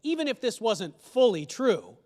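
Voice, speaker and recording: A man's voice: extremely high pitch, very animated, measured pace, a little mellow. A male pastor preaching a sermon in a conversational way, asking his congregation questions. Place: church sanctuary. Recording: long church hall reverb.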